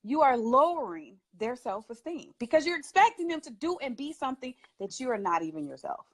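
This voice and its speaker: A woman who is a mother, speaking as a talk show guest and giving parenting advice in an emphatic, animated way, laughing often. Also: high-pitched, brisk. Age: adult with children.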